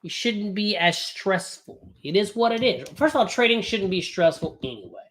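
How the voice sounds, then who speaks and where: Brief: male live-stream trading host, bright ringing voice, blunt and profane, lots of energy. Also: high-pitched, expressive, moderate pace. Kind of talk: live-streamed casual teaching.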